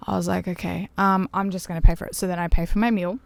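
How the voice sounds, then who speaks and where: A woman's voice: lowish voice, quick pace, gravelly, no echo. Woman telling a story animatedly. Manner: animated, acts out quotes of others. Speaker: podcast guest. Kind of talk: casual chat, storytelling. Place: caravan music studio.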